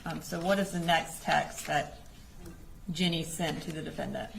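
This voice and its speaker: Woman, prosecutor, lowish gravelly voice, methodical formal questioning, faint room hum. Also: fairly even intonation, moderate pace, a bit bright, rough recording. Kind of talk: courtroom questioning. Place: courtroom.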